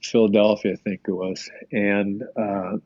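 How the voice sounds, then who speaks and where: A man's voice: on the low side, flat delivery, unhurried, darkish tone, no room sound, highs cut off. An older man, a former hockey player, casually telling stories as a podcast guest and acting out quoted dialogue. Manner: rambling anecdotes with quoted dialogue. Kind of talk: casual storytelling.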